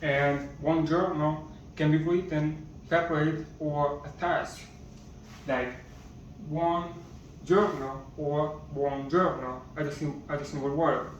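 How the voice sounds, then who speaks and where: A man teaching a basic language lesson at a slow, patient pace and repeating each word, recorded from a distance so it sounds muffled. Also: on the high side, steady tone, very echoey, slight background noise. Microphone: camera or phone far from speaker.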